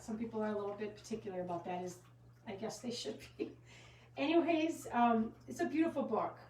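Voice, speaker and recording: A woman with a slightly high voice hosts a live sale from inside her gift shop. She chats casually, giggles and drifts off on side topics as she shows items. Her voice echoes around the room and sits a little far from the mic, over faint background noise. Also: a little mellow. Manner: chatty, giggly, goes off on tangents. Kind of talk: casual live-stream product showcase. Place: inside a small gift shop with a trickling fountain.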